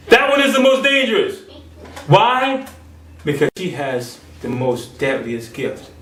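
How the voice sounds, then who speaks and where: A man preaches with passion, lurching between loud declarations and hushed asides. His voice sits somewhat high. It is recorded from a distance in an echoey room. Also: takes it slowly. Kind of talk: sermon. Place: home office.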